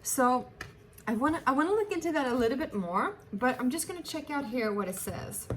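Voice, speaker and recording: Woman, tarot reader, warm chatty delivery, affectionate, faint hiss behind. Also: high voice, animated, brisk. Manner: chatty, affectionate, laughs often, restarts phrases. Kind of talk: casual tarot reading to camera.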